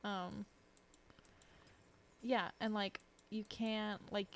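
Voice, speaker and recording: A young woman streams from home late at night, drowsy and given to yawns. She rambles in a chatty, self-deprecating way, her voice at an ordinary middle pitch over a faint background hum. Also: little pitch movement, very slow. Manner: chatty, self-deprecating, drifting train of thought. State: sleepy, yawning. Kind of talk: casual rambling stream chat. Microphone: desk mic.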